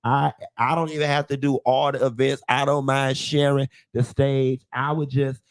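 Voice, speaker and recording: Flamboyant male host of a live stream, sassy and playful, mid-pitched voice. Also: little pitch movement. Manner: flamboyant, sassy, drawn-out endearments; dramatic, playful rambling.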